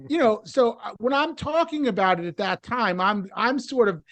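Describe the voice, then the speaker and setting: A man's voice: high-pitched, animated, normal speed, fairly bright tone, no room sound. A middle-aged man speaking as a podcast guest, explaining his views earnestly with frequent restarts. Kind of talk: casual interview conversation.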